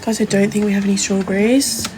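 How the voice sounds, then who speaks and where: Fast and mid-range with little pitch movement, this young Englishwoman chats on a phone livestream from her kitchen at home. She coos baby talk to her dog against loud crowd noise.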